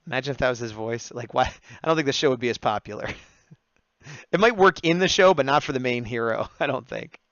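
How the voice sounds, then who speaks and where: This streaming artist fills drawing requests while narrating and chatting casually with his audience, frequently laughing at his own jokes. He sounds mid-range, expressive and a bit bright, speaking fairly quickly. The audio is dull lo-fi with no echo.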